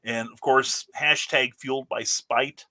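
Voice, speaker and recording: A man, a guest author, telling stories in a casual interview, animated and full of fillers. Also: medium pitch, measured pace. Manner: animated storyteller, many fillers.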